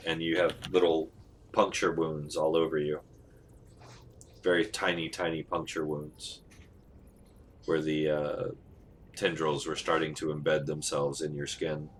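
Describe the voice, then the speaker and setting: A man narrating as game master of a tabletop game, relaxed and laughing often, with many ums. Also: rumbling low, a little slow, pauses often, a little hiss or hum.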